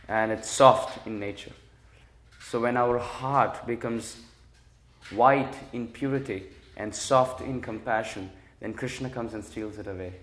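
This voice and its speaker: A man teaching a religious class, retelling sacred stories and explaining their meaning with lively quoted lines. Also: lowish voice. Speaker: spiritual teacher. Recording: echoey room.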